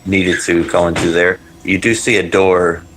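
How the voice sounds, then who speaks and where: A man's voice: low voice, level tone, measured pace, fairly bright tone, a little hiss or hum, rough recording. A man narrating as game master in a tabletop role-playing game, in a hesitant way with many ums and restarts.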